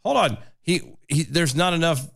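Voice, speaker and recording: A man's voice: a little high, lively intonation, normal speed, creaky, a bit bright. Sarcastic man co-hosting a talk show. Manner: sarcastic, reads quotes aloud with mock gravity. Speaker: podcast co-host. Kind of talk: casual political chat.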